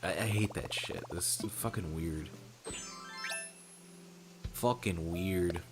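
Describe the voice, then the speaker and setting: Deep-voiced man telling a profane story. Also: slow pace, music in the background. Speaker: streamer. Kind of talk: casual storytelling while gaming.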